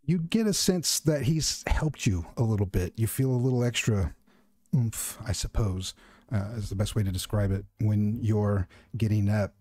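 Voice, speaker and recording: A man running a horror tabletop game as game master, narrating in a calm, measured way. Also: fairly low pitch, no room sound, clean studio sound.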